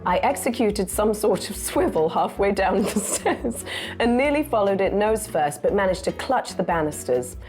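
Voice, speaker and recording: A woman's voice: medium pitch, expressive, moderate pace, a little mellow, faint music behind. A woman reading a text message aloud, amused and laughing now and then as she reads.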